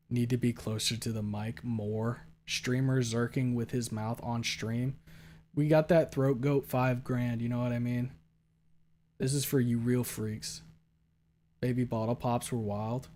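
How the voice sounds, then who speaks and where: Young male streamer, casual and jokey, rambling chat with viewers, loud bursts and low mutters. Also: a little slow, pauses often, a little hiss or hum. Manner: jokey and rambling, swings between loud excited bursts and low mumbled asides.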